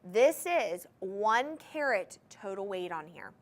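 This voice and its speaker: A woman's voice: mid-range voice, sing-song, slow. A woman hosting a live TV shopping show from a studio, selling jewelry in an enthusiastic, gushing way and talking straight to the viewers. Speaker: shopping TV host. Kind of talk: live home-shopping sales pitch.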